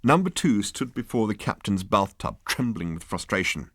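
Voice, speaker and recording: A man's voice: fairly low pitch, moderate pace, no echo, studio quality. Wry male audiobook narrator. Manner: wry, deadpan humor. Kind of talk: scripted narration.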